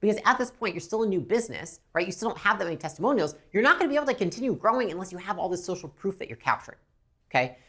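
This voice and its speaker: A woman's voice: medium pitch, very fast, breathy edge. A woman teaching a business lesson, talking bluntly and now and then acting out lines from customers and staff. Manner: animated, acts out customer and rep lines; blunt, swears casually. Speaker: business instructor.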